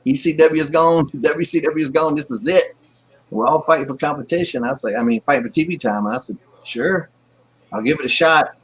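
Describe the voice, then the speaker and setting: This interview guest is a pro wrestler in his forties whose voice is a little high and fairly quick. On a video call from his home, where kids and a pet are around, he spins lively, casual anecdotes and acts out whoever he's quoting. Audio quality is husky, lo-fi and slightly muffled.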